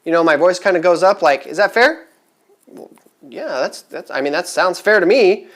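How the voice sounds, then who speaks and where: A man's voice: high-pitched, normal speed, a bit bright. Chatty man vlogging to camera. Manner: chatty and rambling, many fillers; upbeat and eager. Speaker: vlogger giving resale advice. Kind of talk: casual to-camera vlog.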